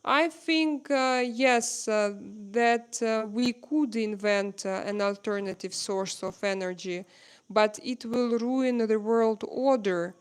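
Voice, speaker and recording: Woman, Russian accent, livestream host, reads chat aloud, hesitant English, fairly high, smooth tone. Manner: hesitant, halting non-native English with many fillers. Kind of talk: casual livestream chat, reading viewer comments aloud.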